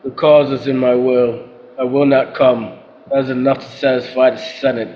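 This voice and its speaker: A man's voice: mid-range voice, little pitch movement, normal speed, lightly acted. A man playing a proud, commanding Roman ruler in an audio drama, speaking in a stately, declamatory way. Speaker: actor playing Caesar. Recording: dull lo-fi with faint noise.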